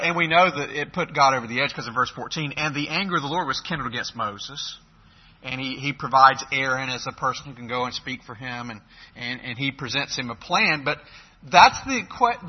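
A man's voice: mid-range voice, a little fast, slightly rough. Emphatic preacher, man, lo-fi recording. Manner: emphatic, swings between loud and soft. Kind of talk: sermon. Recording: dull lo-fi recording.

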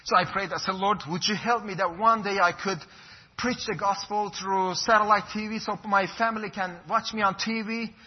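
Man, husky and high, giving a fervent testimony on a dull lo-fi recording. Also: steady tone, normal speed. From Iran. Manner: earnest, fervent, preacherly. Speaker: pastor giving his testimony. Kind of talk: impassioned personal testimony.

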